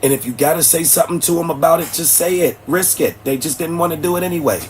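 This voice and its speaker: On a streaming setup mic, a man hosts a livestream and rants bluntly at his chat as if preaching, with faint music behind him. His voice is on the high side and fast.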